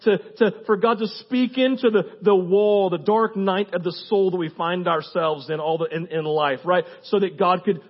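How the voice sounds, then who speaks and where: High-voiced guy preaching in church, chatty and animated, dull lo-fi recording. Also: moderate pace, few pauses. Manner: animated, conversational, with self-talk asides. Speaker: pastor. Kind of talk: sermon.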